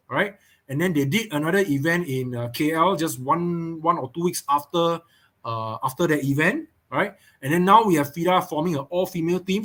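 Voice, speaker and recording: Singaporean english guy hosting a chill podcast, high voice, repeats himself a lot. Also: fairly bright tone. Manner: chatty, repeats words, asks listeners for agreement. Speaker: host. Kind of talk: casual podcast preview chat.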